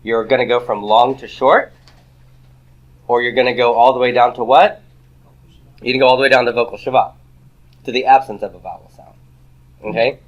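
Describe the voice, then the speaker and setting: A man teaching a Hebrew grammar class in a classroom, lecturing and firing quick rhetorical questions at the students. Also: medium pitch, steady tone, dull audio.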